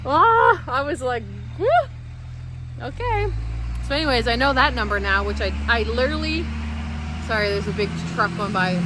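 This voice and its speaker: A woman's voice: mid-range voice, bright, forceful tone, slight background noise, low-quality recording. A woman vlogger telling a personal story in casual, emotional, rambling speech full of restarts.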